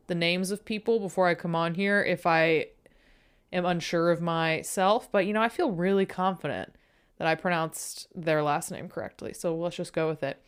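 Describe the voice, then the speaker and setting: A woman hosting her podcast, chatty and self-deprecating, swearing freely and a bit low on energy. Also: clean tone. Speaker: podcast host. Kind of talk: casual solo podcast intro.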